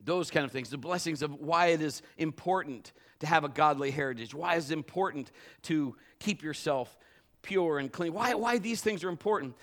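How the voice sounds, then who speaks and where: A middle-aged pastor preaches a live sermon at a church service, speaking emphatically and building to fervent exhortation. His voice is high-pitched and a bit bright.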